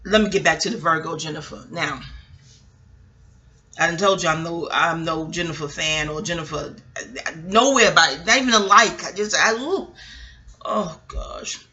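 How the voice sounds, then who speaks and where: A woman's voice: lowish voice, normal speed, pauses often, bright, forceful tone. A woman podcast host and astrologer talking in a rambling, digressive chat, swearing freely. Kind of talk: casual chat.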